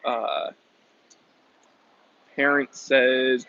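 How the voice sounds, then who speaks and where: A man's voice: mid-range voice, a little slow, vocal fry, a bit bright, dull audio. A man hosting a casual livestream outdoors, chatting and greeting viewers as he reads their comments aloud. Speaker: livestream host. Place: outdoors in the shade.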